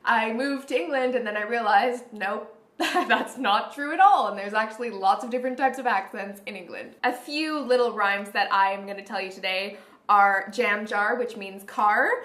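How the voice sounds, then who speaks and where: A woman's voice: mid-range voice, fairly bright tone. A woman vlogging in a chatty, gushing way, full of "like". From Canada. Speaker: beauty vlogger. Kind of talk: casual vlog chat. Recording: roomy echoey room.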